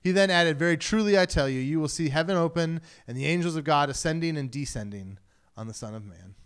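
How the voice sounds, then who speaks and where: Animated, conversational male preacher. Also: fairly high pitch, fast talker, clean tone. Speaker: pastor. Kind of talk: sermon.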